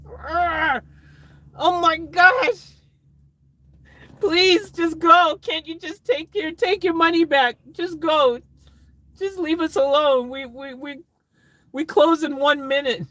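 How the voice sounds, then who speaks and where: A woman voicing a panicked fast-food drive-thru worker who stammers and pleads frantically. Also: sits high, fairly bright tone, no room sound, voice pushed up. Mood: frantic pleading.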